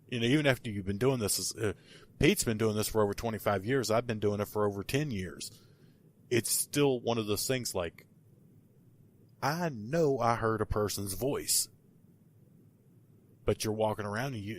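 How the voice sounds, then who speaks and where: A man, a paranormal investigator, telling a story in casual podcast talk, rambling with many restarts and fillers. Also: mid-range voice.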